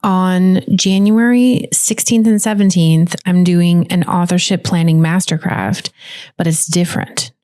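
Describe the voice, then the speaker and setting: A woman co-hosting a podcast, chatting casually and explaining things at length in a lively, talkative way. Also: lowish voice, measured pace. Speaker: podcast co-host.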